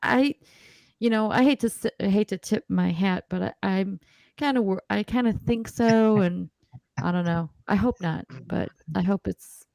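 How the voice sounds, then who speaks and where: A woman's voice: medium pitch, moderate pace, gravelly, a little mellow, no echo. A woman from the northern US, a chatty, self-mocking panelist on a livestream video call. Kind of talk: casual livestream panel chat.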